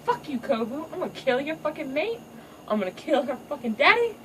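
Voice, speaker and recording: Shrieking villainous lioness mum, loud and high, played by a woman, distant noisy mic. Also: big pitch swings, brisk. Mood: murderous. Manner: screeching, profane threats. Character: vicious vengeful lioness mother, villain.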